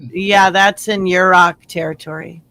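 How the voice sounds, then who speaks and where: A woman hosting a livestream with a bright, forward voice. She chats easily and rambles from one thought to the next. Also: lowish voice, steady tone, unhurried, dry recording. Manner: easygoing, chatty. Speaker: livestream host. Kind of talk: casual chat.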